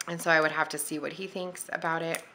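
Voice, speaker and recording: A woman with a very bright, tense voice pitched on the low side talks casually to her viewers at home. She rambles and circles back on herself, full of little fillers, as she decorates her planner. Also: level tone, quick pace. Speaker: planner vlogger.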